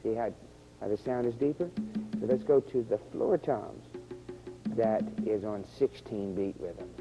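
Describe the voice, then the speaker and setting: The host of this organ tutorial speaks at a measured pace in a fairly low voice, patiently explaining each step of programming rhythms. Organ rhythm sounds drift faintly behind him on a low-quality recording.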